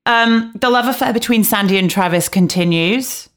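A woman's voice: fairly high pitch, moderate pace. Blunt, swearing woman gossiping casually. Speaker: podcast co-host recapping a reality show. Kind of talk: casual chat.

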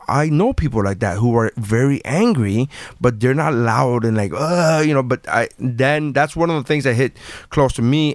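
A man's voice: mid-range voice, no echo, studio quality. Rambling, swearing man in casual chat. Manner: profane, rambling, many fillers and restarts. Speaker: podcast co-host.

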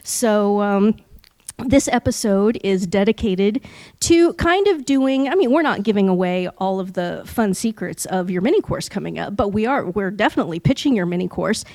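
A woman's voice: medium pitch, expressive, normal speed, darkish tone, no echo, low-quality recording. A woman co-hosting a podcast in casual chat, talking in a chatty way with many fillers. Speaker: podcast co-host.

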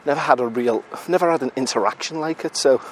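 A man with a mid-range voice talks quickly while walking outdoors on a city street, with a little hiss or hum on the audio. He's a British podcast host, casual and self-mocking, somewhat out of breath and prone to the odd swear.

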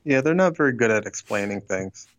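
A man's voice: fairly low pitch, lively intonation, brisk, a bit bright, dull audio, a little hiss or hum. A man co-hosting a casual chat, chiming in with short joking asides. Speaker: podcast co-host.

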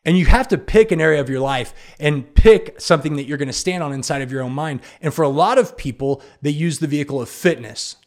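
A man hosting a motivational talk, telling stories with animated delivery and acting out the inner voices that argue in a person's head. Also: a little high, a little fast, few pauses. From Kansas City area, United States. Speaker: podcast host. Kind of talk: motivational monologue.

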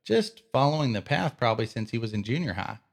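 A man with a Texan accent, co-hosting a casual faith podcast and retelling a movie scene with animated storytelling. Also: mid-range voice, quick pace, creaky. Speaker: podcast co-host.

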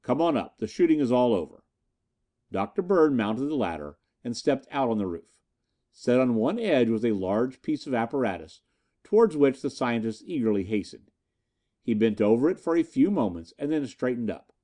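Brief: male storyteller for a pulp audiobook, warm and expressive. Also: mid-range voice, normal speed. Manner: lively storytelling. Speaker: narrator. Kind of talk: audiobook reading of pulp fiction.

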